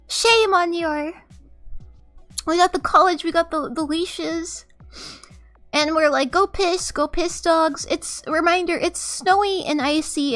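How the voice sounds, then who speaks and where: A woman's voice: extremely high pitch, pushed and bright. A young woman streamer telling a rambling, profane story in an exasperated, casual way, often laughing. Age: young adult.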